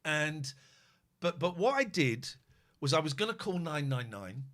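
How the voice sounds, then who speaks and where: Animated, sweary man telling a story. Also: a little high, a little slow. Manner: sweary, re-enacts shouted quotes. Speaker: podcast host.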